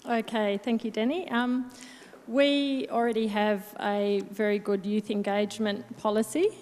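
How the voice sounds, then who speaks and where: A woman's voice: medium pitch, level tone, a little slow, a little mellow. A woman speaking for a city council on a panel, matter-of-fact. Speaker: council representative. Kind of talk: conference panel answer. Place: large conference hall. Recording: long hall reverb.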